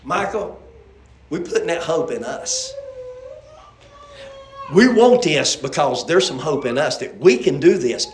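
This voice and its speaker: A man's voice: a little high, darkish tone, a little hiss or hum. A male pastor, preaching a sermon in a folksy, rambling way that restarts often. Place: church sanctuary. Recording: echoey church room.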